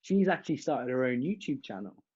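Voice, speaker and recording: A man's voice: mid-range voice, very animated, fairly quick, a little mellow, breathy edge, dull audio. A man in his thirties with a West Country English accent, chatting casually as an interview guest and laughing often. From Southwest England. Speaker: guest drummer. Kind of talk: casual video call chat.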